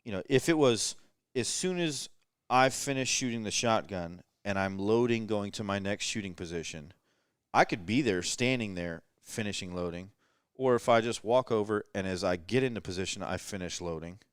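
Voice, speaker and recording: A man hosting a podcast in a relaxed late-night chat, rambling and thinking out loud as he goes. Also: on the low side, moderate pace, clear, resonant tone, dry recording, studio quality. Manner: rambling, thinks aloud with fillers. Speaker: podcast host. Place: indoors in a rental house.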